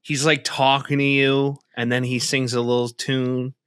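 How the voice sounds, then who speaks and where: A man's voice: mid-range voice, level tone, measured pace, a bit bright, clear, resonant tone, no echo. A young man co-hosting a podcast, chatting casually about sports with teasing, joking banter. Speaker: podcast co-host.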